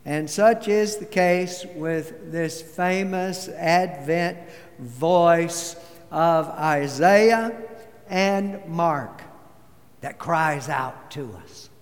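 A man preaching a sermon in a church, measured and deliberate, weaving in a story. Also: on the high side. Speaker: pastor. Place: church sanctuary. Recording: long church reverb.

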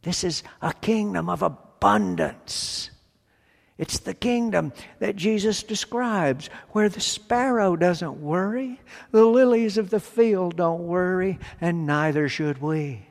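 A man preaching a sermon from the pulpit, speaking in slow, deliberate phrases with long pauses. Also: high voice, vocal fry. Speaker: pastor. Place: church sanctuary. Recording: long hall reverb.

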